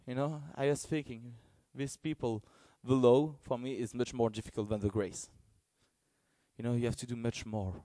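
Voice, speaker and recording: Earnest halting man preaching. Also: mid-range voice, no room sound. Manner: halting, searching for words, earnest; gets excited and loud in bursts. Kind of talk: sermon.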